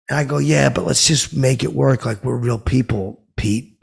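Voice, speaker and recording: A man hosting a comedy podcast, telling a rambling story in a dim, oblivious deadpan that jumps up in pitch when he quotes people. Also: moderate pace, creaky, breathy edge.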